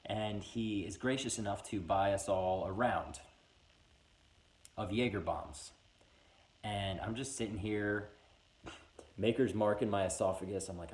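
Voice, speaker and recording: A man in his twenties telling a funny personal story in a casual, animated way, acting out voices as he goes. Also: fairly low pitch, moderate pace. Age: 20s. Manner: animated, acts out every voice in the story. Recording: echoey room.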